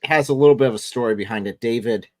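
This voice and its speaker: A man's voice: medium pitch, fast talker, no echo, clean studio sound. A man co-hosting a live stream chat, making wry remarks.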